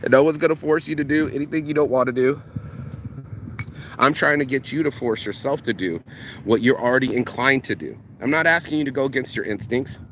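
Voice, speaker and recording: A man's voice: medium pitch, brisk. Slangy motivational man outside by traffic. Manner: slangy, profane, repeats words when excited. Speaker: motivational vlogger. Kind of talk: casual motivational monologue.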